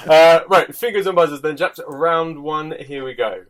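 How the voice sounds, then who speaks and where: A man's voice: on the high side, normal speed. A man hosting a podcast over a video call and running a quiz, joking at his own expense and laughing often. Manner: jokey, self-deprecating, laughs often. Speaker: podcast host and quizmaster. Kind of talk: casual podcast chat.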